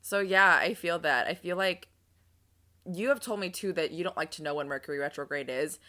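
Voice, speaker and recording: Young woman co-host, chatty storyteller, lowish and bright voice. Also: brisk. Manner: storytelling with "like", laughing. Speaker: podcast co-host. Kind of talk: casual chat.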